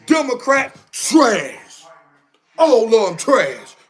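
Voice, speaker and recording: High, lively man ranting on a livestream. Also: normal speed, slightly rough, soft background music. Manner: emphatic, repeats phrases, heated. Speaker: live streamer. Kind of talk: casual livestream rant.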